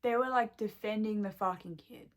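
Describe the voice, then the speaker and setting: A woman's voice: medium pitch, moderate pace. A woman venting to camera in a rambling, upset way, full of fillers and swearing. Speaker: vlogger. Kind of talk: casual emotional vent to camera.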